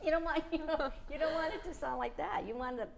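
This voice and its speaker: A woman with a New York accent coaching a piano student in a masterclass, chatty and animated, singing out musical cues. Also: high voice, fast, gravelly, slight background noise. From New York City. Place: piano masterclass before an audience. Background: piano playing.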